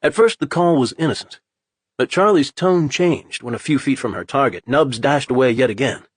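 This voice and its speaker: Husky-voiced man narrating horror. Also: medium pitch, moderate pace, no room sound. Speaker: audiobook narrator.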